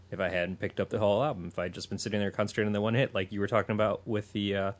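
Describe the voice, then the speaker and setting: A man's voice: lowish voice, flat delivery, quick pace, hardly any pauses. A man co-hosting a casual podcast chat, rambling about music with wry, jokey asides. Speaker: podcast co-host.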